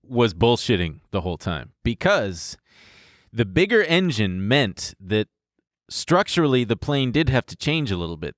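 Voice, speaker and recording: A man's voice: mid-range voice, dry recording, clean studio sound. A man co-hosting a podcast, explaining at length in a casual, profane way. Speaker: podcast co-host. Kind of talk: casual chat.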